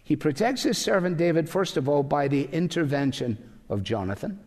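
A man's voice: a little high, animated, normal speed, a little mellow. A man preaching a sermon as pastor, emphatic and full of rhetorical questions. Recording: long hall reverb.

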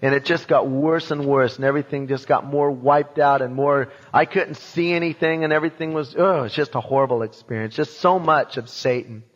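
A man telling a personal testimony, animated and acting out voices and sounds from his story. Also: mid-range voice, fairly quick, few pauses. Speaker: speaker giving a testimony. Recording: dull sound in a reverberant hall.

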